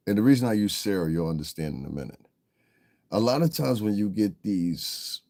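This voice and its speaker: A man's voice: sits low, a little mellow. A man hosting a casual livestream, laid-back and chuckling as he talks to his chat. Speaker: livestream host.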